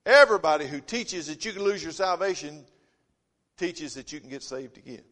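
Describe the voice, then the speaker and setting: High-voiced folksy preacher in a reverberant hall. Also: male voice, normal speed. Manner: folksy storytelling, swinging from loud emphasis to quiet asides. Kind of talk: sermon. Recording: long reverb of a church hall.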